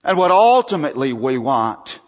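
A male pastor preaching a sermon in an emphatic way, drawing out key words with pauses. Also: mid-range voice, sing-song. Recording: dull recording with long hall reverb.

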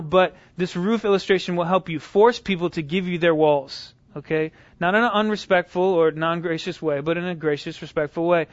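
A man teaching a group, retelling conversations in a conversational, animated way with frequent restarts. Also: fairly high pitch, normal speed, hardly any pauses, no echo. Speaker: speaker teaching evangelism. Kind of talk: storytelling lecture. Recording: dull lo-fi dry recording.

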